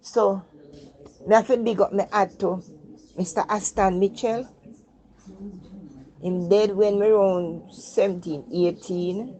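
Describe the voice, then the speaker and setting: An older woman from Jamaica with a Jamaican accent, telling a personal life story in patois in a reflective way, her voice dropping soft when she speaks of the dead. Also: lowish voice, slow, long pauses. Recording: dull lo-fi recording.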